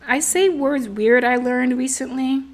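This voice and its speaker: A woman's voice: high-pitched, a little slow. Giggly woman playing a game. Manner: giggly and self-mocking. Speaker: gaming video host. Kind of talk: let's play commentary.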